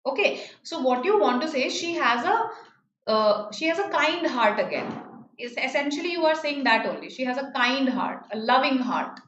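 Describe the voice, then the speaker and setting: A woman's voice: high-pitched, lively intonation, normal speed, a bit bright. Patient woman teaching grammar, Indian English. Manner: explains patiently, repeats key phrases, checks with "right?". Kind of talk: online grammar lesson. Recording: slightly dull, roomy, faint noise.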